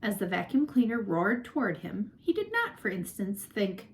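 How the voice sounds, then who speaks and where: Expressive woman reading a children's novel. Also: medium pitch, normal speed, hardly any pauses, rough recording. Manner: expressive storytelling. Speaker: reader. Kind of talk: audiobook narration for children.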